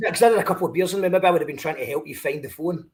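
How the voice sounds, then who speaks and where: A man with a Scottish accent hosting a podcast, chatting casually and stumbling over his words as he repeats them. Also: fairly high pitch. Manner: halting, repeats words as he talks. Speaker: podcast host. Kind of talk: casual chat.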